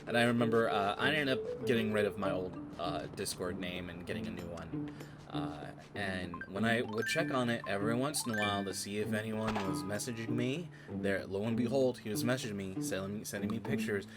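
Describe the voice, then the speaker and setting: A man with a lowish voice talks fairly quickly while streaming a video game, telling rambling stories full of laughter and casual swearing. He's a streamer and tabletop game master, and game music plays behind him.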